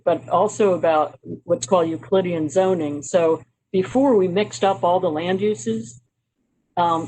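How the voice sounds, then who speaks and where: A presenter from Maryland speaks to a county committee while moving through slides. The talk is relaxed and conversational, with frequent um and uh fillers and restarted phrases. The voice sits at an ordinary middle pitch. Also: a little hiss or hum, rough recording. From Maryland, United States. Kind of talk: informal slide presentation on urban history.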